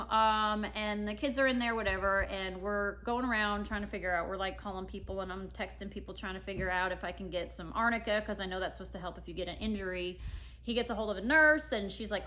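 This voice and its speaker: A woman's voice: medium pitch, sharp tone. A woman in her thirties casually telling a personal family story, acting out her own past words.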